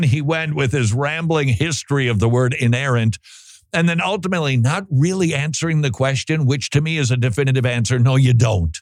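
A man's voice: medium pitch, a little fast, dry recording. Male show host, biting sarcastic commentary, dry close studio sound. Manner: sarcastic, mocking, animated. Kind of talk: opinionated commentary.

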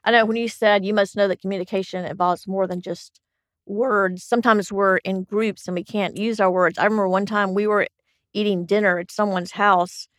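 A middle-aged woman co-hosting with her husband, speaking gently and reflectively as she shares personal stories. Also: mid-range voice, fairly even intonation, normal speed, no room sound, clean studio sound. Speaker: co-host, wife of the other host. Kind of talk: casual conversation about marriage.

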